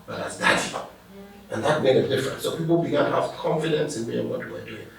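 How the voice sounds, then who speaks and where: Gravelly pastor telling stories. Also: male voice, mid-range voice, wildly swooping pitch, fast, crowd noise. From Ghana. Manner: anecdotal, laughs while telling stories. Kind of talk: storytelling interview answers. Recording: echoey room, distant mic.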